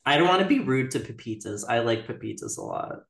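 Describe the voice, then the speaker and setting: A woman's voice: a bass voice, sing-song, quick pace, creaky, over a noisy crowd. A woman co-hosting a podcast, chatting casually about a TV episode with lots of "like" fillers. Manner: chatty, frequent "like" fillers, giggly. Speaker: podcast co-host. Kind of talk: casual chat recapping a TV episode. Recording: roomy echo.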